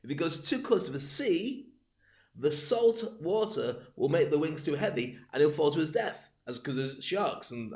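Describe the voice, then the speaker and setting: A man with a slightly high voice hosts a streamed talk to camera. He rambles playfully and drifts off into digressions while acting things out. The sound carries the echo of a bare room. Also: darkish tone. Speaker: host. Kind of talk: casual comedic talk to camera. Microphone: streamed from home, camera.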